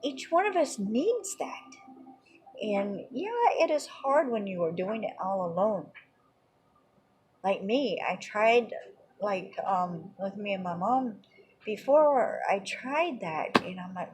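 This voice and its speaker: Husky woman giving a rambling Bible lesson. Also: mid-range voice, lively intonation, slow pace, low-quality recording. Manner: rambling, conversational, frequent "you know" and "um". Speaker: Bible teacher.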